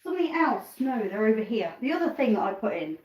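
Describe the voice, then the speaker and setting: A slightly high, fast voice with big pitch swings and a little mellowness comes from a British backyard chicken keeper live-streaming in her home kitchen. She rambles between tasks and asides, and the rough recording has a roomy sound with a little hiss or hum.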